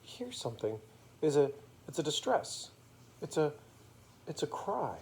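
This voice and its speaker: A man improvising a bedtime story aloud, playful and rhyming, pausing now and then to make up details with fillers. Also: fairly high pitch, sing-song, creaky, husky.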